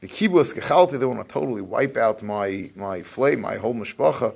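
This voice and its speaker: Man, Torah teacher, gravelly husky voice, reads and translates verses, acts out the lines. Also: medium pitch, expressive, fairly quick, a little mellow. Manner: explains verses by reading, translating and acting out the lines; Yeshivish English with Hebrew phrases. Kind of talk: recorded evening Torah class.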